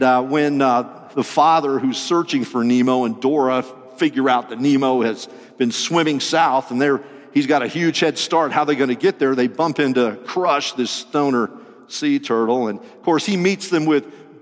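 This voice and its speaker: A male pastor preaching a sermon to a congregation, animated and joking with them. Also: fairly high pitch, big-room sound.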